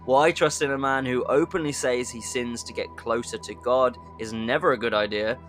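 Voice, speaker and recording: A man telling history as a comedy podcast host. His voice sits at an ordinary middle pitch, and he chats along loosely, throwing in jokey asides and sudden emphatic bursts. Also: fairly even intonation, moderate pace, a bit bright, soft background music.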